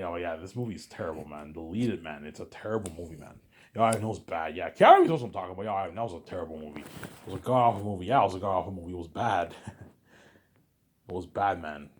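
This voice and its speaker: Husky low-voiced man ranting. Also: darkish tone. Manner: repetitive, profane ranting. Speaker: vlogger. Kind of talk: casual ranting monologue.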